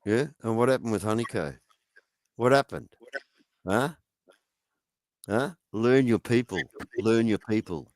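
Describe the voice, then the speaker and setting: A man's voice: fairly low pitch, a little slow, long pauses, no echo. A man in a profane, taunting rant, firing goading questions at someone. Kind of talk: angry rant.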